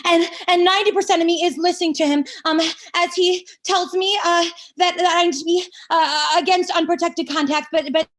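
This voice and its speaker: An actress doing a breathy, daydreaming woman in a scripted comic monologue. Her voice sits a little high, confessional and low-key, and comes over a video call from home. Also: fairly bright tone. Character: woman fantasizing during a briefing.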